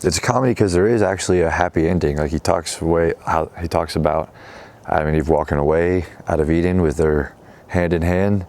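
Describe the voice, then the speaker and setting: A man's voice: sits low, fairly quick, a little mellow. A man hosting his own show, casually retelling a story in slangy talk and quoting the characters as he goes. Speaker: show host.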